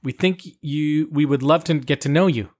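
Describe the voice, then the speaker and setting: A man's voice: a little high, normal speed, a little mellow. Chatty man co-hosting a podcast. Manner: rambling, joking, loose with fillers. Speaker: podcast co-host. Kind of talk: casual chat.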